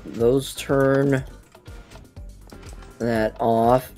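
A man from the United States playing a video game with a friend, goofy and quick to laugh. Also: mid-range voice, soft background music. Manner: goofy, laughing, shouts when excited. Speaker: gaming YouTuber. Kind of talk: casual gaming commentary.

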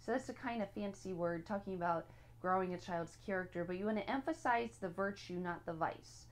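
A woman talks through a parenting lesson in an easygoing, conversational way. She is earnest and direct, and she owns up to her mistakes as she goes. Her voice sits at a medium pitch. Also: a little fast. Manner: earnest and direct, gives homework, admits own slips. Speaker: parenting teacher. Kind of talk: casual spoken lesson.

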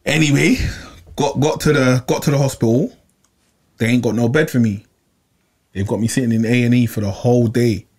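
A man's voice: mid-range voice, steady tone, brisk, darkish tone, slightly rough. Young guy telling a story, lots of slang, keeps repeating himself. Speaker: podcast regular. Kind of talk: casual storytelling chat.

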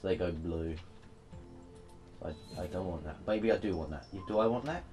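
Playful guy with a lively voice. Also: sits low, normal speed, music in the background. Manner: playful, giggly, talks to himself while playing. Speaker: game player. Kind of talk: casual let's-play banter.

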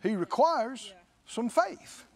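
A male pastor delivers a sermon with a notably high voice that swoops up and down with lively expression. He talks emphatically, repeats phrases for weight and quotes scripture often. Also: takes it slowly.

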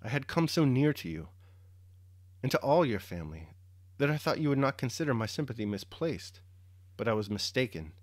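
A man reading as a gentle, sorrowful young princess. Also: animated, fairly quick, dry recording, clean studio sound, close to an everyday voice. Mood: wistful. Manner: earnest, emotional reading of a female role in the reader's own low voice.

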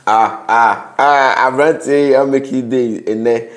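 A man's voice: mid-range voice, steady tone, a little slow. A Ghanaian man hosting a gossip news commentary, with pleading, preachy asides to his viewers. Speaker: host. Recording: roomy echo.

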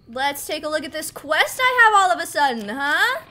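Bubbly high-voiced woman gamer. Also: moderate pace. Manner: playful, goofy, animated. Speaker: gaming video host. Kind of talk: playthrough commentary. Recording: voice over game music.

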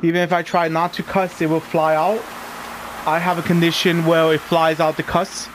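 A man's voice: fairly high pitch, little pitch movement, normal speed, a little hiss or hum. Male let's-player: loose, rambling, swears, talks to the viewers. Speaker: gamer. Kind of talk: casual let's-play commentary.

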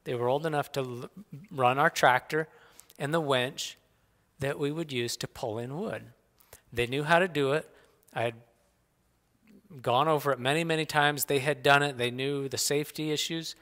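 Middle-aged man, church speaker, animated folksy anecdotes; clear bright voice, long hall reverb. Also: mid-range voice, moderate pace, long pauses. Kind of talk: personal storytelling talk. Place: church sanctuary.

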